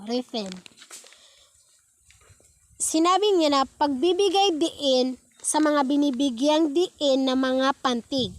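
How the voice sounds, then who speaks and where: A woman's voice: high voice, a little hiss or hum. A woman with a Filipino accent reading a lesson module aloud, stumbling and restarting words, moving between English and Filipino. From Philippines. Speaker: student presenter.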